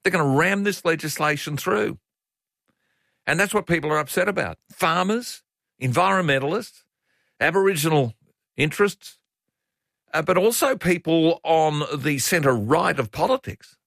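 Older Australian male radio host, opinionated and chatty, slightly raised pitch, dry studio sound. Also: lively intonation, moderate pace, creaky, fairly bright tone, dry recording. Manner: opinionated, chatty, reads out listener messages. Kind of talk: talkback radio commentary.

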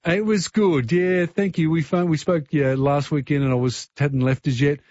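A man's voice: on the high side, fairly even intonation, moderate pace, a little mellow, no echo, lo-fi sound. A man with an Australian accent hosting a talkback radio quiz, chatty and easygoing. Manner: chatty, easygoing, filler-heavy.

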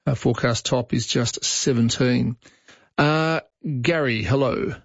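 Man, Australian accent, radio host, brisk, opinionated, dry dull studio sound. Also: medium pitch, creaky, no echo. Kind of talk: talkback radio.

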